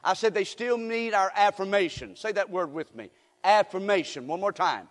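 A man's voice: sits high, moderate pace, in a large hall. An older man preaching a sermon in a church, folksy and emphatic, leading the congregation in call-and-response. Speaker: guest preacher.

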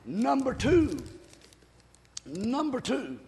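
An older man preaching with an unusually high, gravelly voice. He whoops and shouts with joy, and his sermon rings through a church hall with a long reverb. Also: big pitch swings, drawn-out words, slight background noise. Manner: exuberant preaching with whoops, laughs and shouted peaks. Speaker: pastor.

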